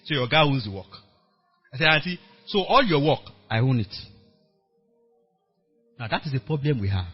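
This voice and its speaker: A Nigerian man preaching a sermon as pastor to a workers meeting, telling a story with animated acted-out dialogue and calling on the congregation to respond. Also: medium pitch, normal speed, pauses often, slightly rough, soft background music. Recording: dull lo-fi church recording.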